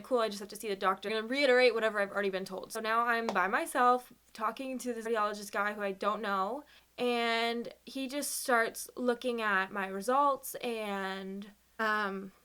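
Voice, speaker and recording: A young woman vlogger telling a personal story, halting and close to tears, with many fillers and nervous laughs. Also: mid-range voice, bright, forceful tone, clean tone. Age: young adult.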